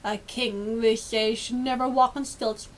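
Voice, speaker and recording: A woman's voice: fairly high pitch, steady tone, unhurried, slight background noise, close to an everyday voice. A woman voicing a stern, joyless male lord in a storybook reading, speaking harshly and muttering. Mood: sly.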